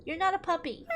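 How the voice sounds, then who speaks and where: Giggly young woman, super high pitch, slow talker, gushes over a game. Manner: giggly, excitable, gushing. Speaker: gaming streamer. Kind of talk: casual let's-play chat. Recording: commentary over game music.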